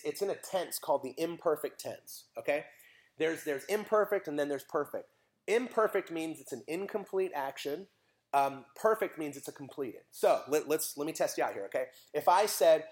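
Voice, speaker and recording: A man preaching a casual sermon, chatty and joking, asking his listeners questions. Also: fairly high pitch.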